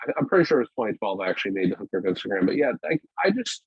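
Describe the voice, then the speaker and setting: Male guest on a video call, rambling and hesitant, husky, thin phone-like audio. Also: lowish voice, very animated, very fast, dry recording. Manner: rambling, hesitant, many restarts and fillers. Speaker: podcast guest, weightlifting media founder. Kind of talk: casual conversational interview.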